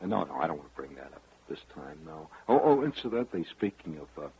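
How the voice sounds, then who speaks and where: A radio host with a bass voice spins a rambling, wry monologue directly to the listener, confiding like a storyteller. He's very animated and quick, his tone a little mellow with a breathy edge, and the recording is rough.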